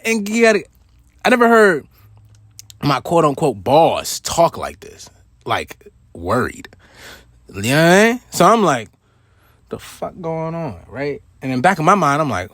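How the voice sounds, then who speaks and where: Man, young adult, casual storytelling, slangy and relaxed, dry close sound. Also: medium pitch, no room sound. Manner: laid-back street slang, many "you know what I'm saying" fillers. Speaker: storyteller host.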